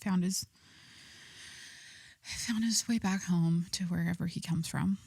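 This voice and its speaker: A woman's voice: fairly low pitch, steady tone, slow pace, vocal fry, darkish tone, slightly rough, dry recording, clean studio sound. A young adult woman hosting a podcast, talking casually and rambling with lots of filler words. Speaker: podcast host. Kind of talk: casual chat.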